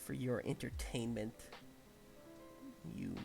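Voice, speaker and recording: A man hosting a casual livestream, muttering quietly to himself as he concentrates on painting a miniature. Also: mid-range voice, fairly even intonation, takes it slowly, gravelly, music in the background. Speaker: host.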